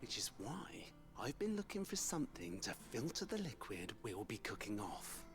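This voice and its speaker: An actor voicing a chatty male tinkerer with a West Country accent, high and nasal-sounding, folksy and wheedling, in a video game. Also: very animated, moderate pace. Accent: West Country English. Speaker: game character. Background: game music.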